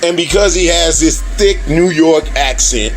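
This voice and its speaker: A fired-up man vents in a casual video diary, cursing constantly. He chuckles between his points, and soft music plays faintly behind him. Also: a little high, unhurried. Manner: heated, heavily profane, laughs between points. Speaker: video diarist. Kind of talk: casual ranting monologue.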